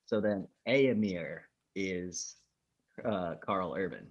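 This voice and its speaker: A man's voice: low voice, slow pace, muffled recording. A man co-hosting a podcast, casually retelling movie scenes with lots of swearing. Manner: profane, animated scene retelling. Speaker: podcast co-host. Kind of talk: casual film discussion.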